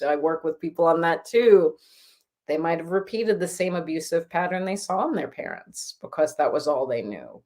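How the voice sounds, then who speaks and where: A woman spiritual healer talking in an interview, earnest and encouraging as she reflects on healing. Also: low-pitched. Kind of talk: conversational interview.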